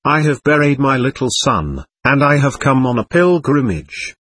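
A man voicing a thin, worn peasant mother who laments her dead son in a slow sing-song, within an audiobook reading. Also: mid-range voice, sing-song, a bit bright, slightly rough, no echo. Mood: grieving.

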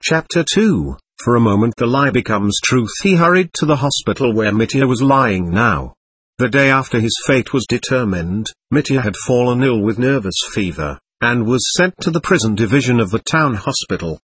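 A man narrating a classic novel as an audiobook, with measured, expressive reading. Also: mid-range voice, husky, dry recording.

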